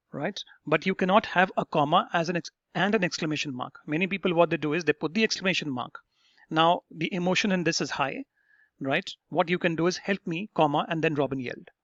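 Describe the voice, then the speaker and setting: A man gives a step-by-step grammar lesson and keeps checking in with his listeners. His voice sits a bit high for a man. The sound is dry and a little muffled, with no room echo. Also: fairly bright tone. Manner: explains step by step, checks in with "right?". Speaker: English teacher. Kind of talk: explanatory lesson.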